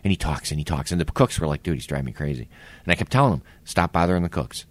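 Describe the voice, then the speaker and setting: Racing along in a bass voice, this man in his forties co-hosts a casual podcast and recounts a workplace story, cursing and animatedly performing people's quotes. There's no echo.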